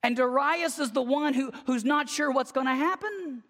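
A preacher delivering a conversational sermon, emphatic, swinging from lively to hushed. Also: sits high, moderate pace. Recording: long hall reverb.

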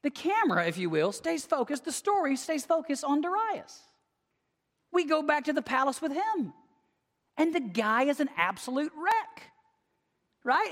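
A preacher delivering a conversational sermon, emphatic, swinging from lively to hushed. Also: high-pitched. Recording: long hall reverb.

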